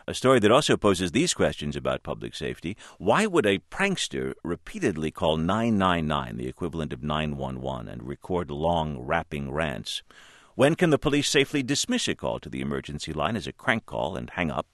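A man hosting a radio news interview, asking measured, probing questions. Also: a bass voice, sing-song, dry recording, studio quality. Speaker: radio host.

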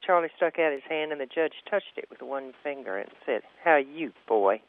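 A woman who writes a newspaper column, telling an anecdote in a lively storytelling manner. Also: low-pitched, fairly quick. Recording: tinny phone-like line.

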